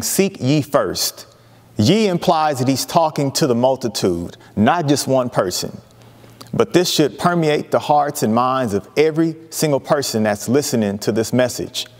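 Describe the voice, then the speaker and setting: A man preaching a sermon, emphatic, with dramatic pauses and lively retellings of scripture. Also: mid-range voice, big-room sound. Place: church sanctuary.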